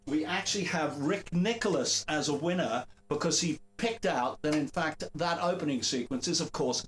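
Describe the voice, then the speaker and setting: A man hosting a casual live-stream chat, relaxed and rambling with fillers and chuckles. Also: on the high side. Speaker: host.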